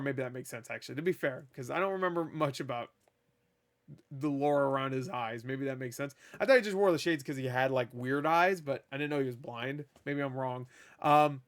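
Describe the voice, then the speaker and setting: A man ranting through a casual film review in a profane, sarcastic, rambling way, recorded at a table indoors. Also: mid-range voice. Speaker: movie reviewer.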